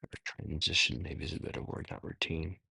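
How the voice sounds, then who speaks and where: A man's voice: rumbling low, level tone, brisk, gravelly, bright, forceful tone, breathy edge, dry recording. A man casually talking through a stretching routine on the floor, thinking aloud, correcting himself and grunting with effort. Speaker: stretching instructor. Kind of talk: casual spoken walkthrough of stretches.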